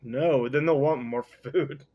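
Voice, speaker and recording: A man's voice: mid-range voice, slow, highs cut off. A man voicing an anxious male royal adviser in a casual story recap, urgent and bro-like.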